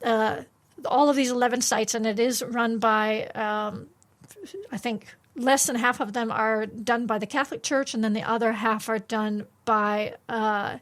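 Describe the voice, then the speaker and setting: A woman co-hosting a faith radio breakfast show, chatting casually and often pausing with fillers. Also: on the high side, fairly even intonation. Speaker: radio co-host.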